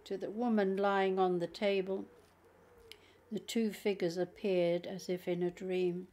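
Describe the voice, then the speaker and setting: A woman reading a nonfiction book aloud in a measured, careful way. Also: medium pitch, flat delivery, mellow. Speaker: audiobook reader. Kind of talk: audiobook narration.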